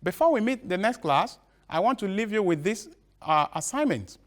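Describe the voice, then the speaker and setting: A male teacher giving a broadcast literature lesson, repeating each definition slowly with halting restarts. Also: high voice, lively intonation.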